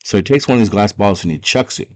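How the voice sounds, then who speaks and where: A young man excitedly retelling a fantasy movie scene by scene, full of slang and filler words. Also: lowish voice, fast talker. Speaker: movie fan retelling a film. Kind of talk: casual chat.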